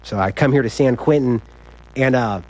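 A man's voice: medium pitch, normal speed, darkish tone. A young man telling a story in a rambling, casual way, saying "like" constantly. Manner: rambling, heavy use of "like", laughs often. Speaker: incarcerated storyteller.

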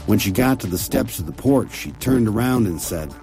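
A man reads a story aloud in a quiet, measured, intimate way. His voice is very low and warm-toned, with soft music faintly underneath. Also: animated, vocal fry. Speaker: narrator. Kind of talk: scripted audiobook narration.

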